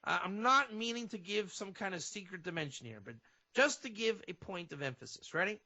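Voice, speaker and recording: Male rabbi guest, high and bright voice, animated radio teaching on dull lo-fi audio. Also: fairly quick. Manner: animated explainer, acts out fervent prayer.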